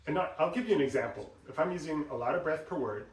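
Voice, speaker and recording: A man teaching voice exercises, explaining and acting out examples in an animated way. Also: a little high, fast talker. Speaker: voice coach. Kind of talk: instructional talk with demonstrations. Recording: roomy sound, mic at a distance.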